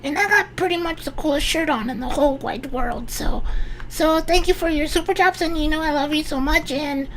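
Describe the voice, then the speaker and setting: A woman's voice: high-pitched, brisk, a little hiss or hum, natural voice, rough recording. A woman doing a tiny vain baby boy. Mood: cute boastful. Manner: sweet-voiced and boastful, then suddenly rowdy. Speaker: super chat reader. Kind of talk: livestream comedy bit.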